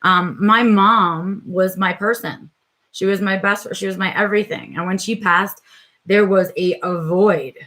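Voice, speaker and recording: A woman's voice: medium pitch, fairly even intonation, a little slow, sharp tone. A middle-aged woman hosting a live stream, talking reflectively and hesitantly with viewers, with lots of filler words. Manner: reflective, hesitant, many "um"s and "right?"s. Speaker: vlog host on a live stream.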